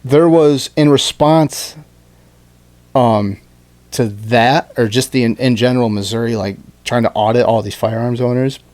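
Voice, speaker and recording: A man co-hosting a podcast in casual chat, telling a story with lots of swearing and jumping into high voices when he quotes people. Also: a little slow, darkish tone, no room sound. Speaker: podcast co-host.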